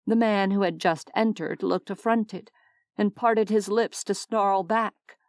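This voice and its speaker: A woman's voice: mid-range voice, steady tone, slow, darkish tone, dry recording. Woman narrating an audiobook, dry. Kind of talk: scripted narration.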